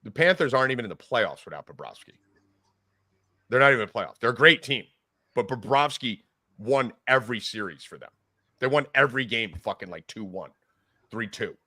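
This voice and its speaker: A loud man hosts a sports betting podcast, ranting and cursing as he argues his point. His voice jumps all over the place and cuts through bright and forceful. The sound is dry and close. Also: mid-range voice, expressive, a little fast, long pauses, no room sound. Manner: loud, profane, emphatic ranting. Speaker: podcast host.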